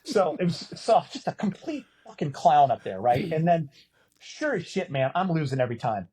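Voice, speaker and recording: A middle-aged man telling a story as a podcast guest in a casual, animated way, cursing and poking fun at himself. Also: on the high side, moderate pace, husky. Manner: animated, profane, self-mocking. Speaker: podcast guest, former volleyball player and announcer.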